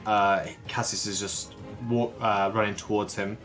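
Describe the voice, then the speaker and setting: Player, low voice, halting casual talk, faint music. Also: male voice, little pitch movement, fairly bright tone. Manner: hesitant, many "uh" fillers. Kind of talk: casual tabletop play.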